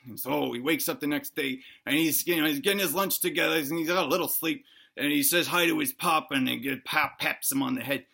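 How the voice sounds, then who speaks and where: A man's voice: fairly high pitch, a little fast, gravelly, pushed and bright. A man narrating a made-up movie in a rambling, crude, mock-earnest comic style. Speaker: comedy host.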